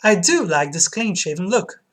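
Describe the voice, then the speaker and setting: A woman voicing a fussy male barber from a comedy adventure game, reading his lines aloud with a raised pitch. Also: very animated, normal speed, slight background noise. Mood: teasing.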